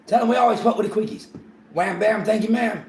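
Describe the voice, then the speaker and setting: A man hosting a livestream in casual chat, excitable and profane, repeating himself and talking over others. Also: high voice, quick pace, slight background noise. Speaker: livestream host.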